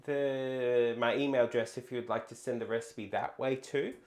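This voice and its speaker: A man's voice: medium pitch, steady tone, normal speed. A man hosting a live cooking stream, explaining each step casually with a lot of hesitant ums. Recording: roomy kitchen echo.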